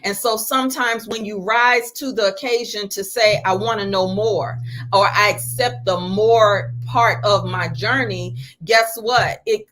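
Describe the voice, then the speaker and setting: A woman's voice: medium pitch, steady tone, unhurried, fairly bright tone. A middle-aged woman teaching on spirituality in a live stream, preacherly and full of rhetorical questions.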